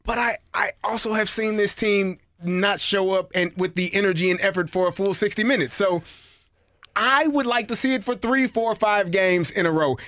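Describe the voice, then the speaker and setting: A man co-hosting sports talk radio, speaking in a lively way with frequent laughs and repeated words. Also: sits high, moderate pace, no echo, studio quality.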